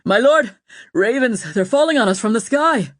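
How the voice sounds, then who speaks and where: A woman's voice: mid-range voice, lively intonation, moderate pace, no echo, clean studio sound, pitched above the performer's own voice, close to an everyday voice. Woman doing an urgent army captain. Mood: alarmed. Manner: urgent, raised reporting voice. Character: alarmed male army captain, urgent soldier.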